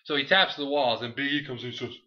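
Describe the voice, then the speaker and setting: A man co-hosting a casual comedy chat, recapping wrestling matches in a goofy, animated way. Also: medium pitch, fast talker. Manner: animated, breaks into goofy impressions and shouts. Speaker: podcast co-host recapping wrestling. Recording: lo-fi dull recording.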